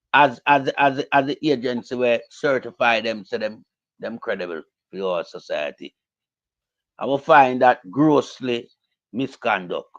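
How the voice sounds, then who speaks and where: A man's voice: medium pitch, a bit bright, lo-fi sound. A man with a Jamaican accent giving a heated, repetitive political rant in casual talk, mixing Patois with English. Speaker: political commentator.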